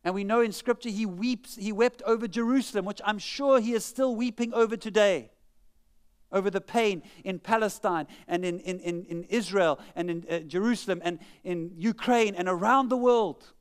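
A man's voice: sits high, moderate pace, clean tone. A man preaching a sermon in church, conversational and humorous, joking at his own expense. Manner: humorous, conversational preaching with self-mocking jokes. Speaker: pastor.

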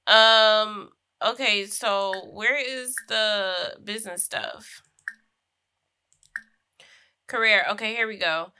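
Bright-voiced chatty young woman gaming. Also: medium pitch, takes it slowly, long pauses, clean tone. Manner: chatty, laughs often, slangy asides. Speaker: gaming streamer. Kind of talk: casual Sims gameplay commentary.

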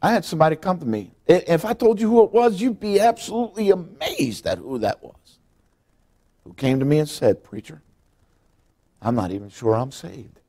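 A man's voice: high-pitched, very animated, fairly quick, warm tone. A middle-aged man preaching a folksy sermon as pastor, acting out what people say. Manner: folksy preaching, acts out quotes.

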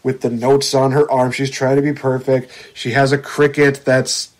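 A man's voice: medium pitch, normal speed. A young man co-hosting a podcast, ranting in a casual chat about a movie, swearing freely and voicing its characters mockingly. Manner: animated, profane ranting with mocking quotes. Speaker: podcast co-host.

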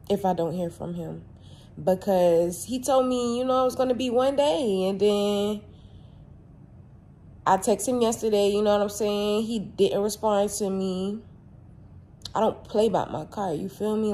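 A young woman casually vlogging about her car, slangy and chatty, talking straight to her viewers. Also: mid-range voice. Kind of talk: casual vlog. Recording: loud street and traffic noise.

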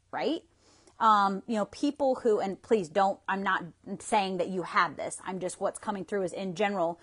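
A woman's voice: medium pitch, slightly rough. Chatty woman hosting a tapping livestream. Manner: chatty, affectionate, rambling with restarts. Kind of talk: casual livestream coaching. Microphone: phone.

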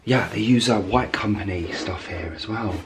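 Excitable chatty man vlogging. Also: on the low side, normal speed, noisy background. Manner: excitable, gushing, chatty with frequent exclamations. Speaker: travel vlogger. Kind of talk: casual vlog to camera. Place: seaside hotel room, indoors.

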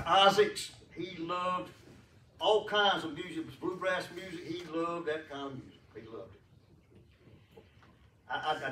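A man's voice: on the high side, fairly bright tone, slight background noise. A man giving a folksy funeral eulogy in a church, telling rambling stories and chuckling often, with many fillers. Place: church sanctuary. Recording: echoey room from a distant mic.

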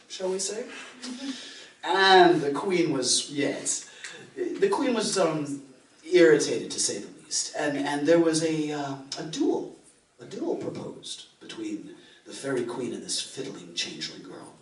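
A man's voice: fairly high pitch, sing-song, measured pace. Playful man telling a fairy tale on stage. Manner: playful, theatrical, with asides. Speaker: folk minstrel and storyteller. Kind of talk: live storytelling between songs. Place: indoor live concert venue with an audience. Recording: roomy live recording from far off.

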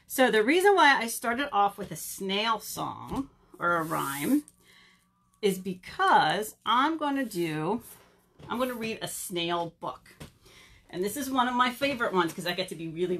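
A woman's voice: medium pitch, moderate pace. Playful woman leading kids' storytime. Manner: playful, animated, asks kids questions. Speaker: children's librarian. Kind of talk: virtual storytime for kids. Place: home or library, on video.

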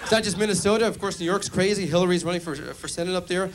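Man on a club stage doing stand-up, slightly high-pitched, dry deadpan timing; live room noise underneath. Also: fast talker, crowd noise. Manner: deadpan joke delivery with mock phone-call bits. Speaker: stand-up comedian. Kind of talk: stand-up comedy routine.

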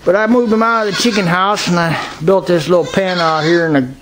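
An older man, chatting casually and roughly as he films his farm with a handheld camera. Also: sits high, brisk, noisy background. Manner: folksy, rough-spoken, calls out to animals. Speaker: homesteader filming his farm. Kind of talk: casual chat. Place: outdoors and in a barn and chicken house.

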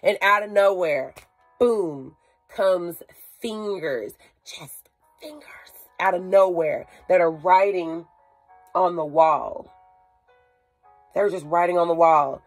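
A woman retelling a Bible story in a chatty, animated way, with slang and asides. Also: on the low side, slow, long pauses, no room sound, faint music behind. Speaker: Bible teacher.

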